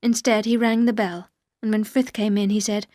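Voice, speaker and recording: A woman's voice: medium pitch, little pitch movement, moderate pace, a little mellow, dry recording. Woman narrating a learner audiobook, dry.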